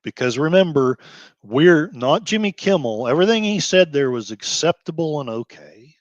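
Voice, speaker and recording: A man on a dull, dry recording, delivering an emotional commentary rant. He swings between quiet, sighing stretches and quick, heated bursts. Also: fairly high pitch, animated, no echo. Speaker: blogger host.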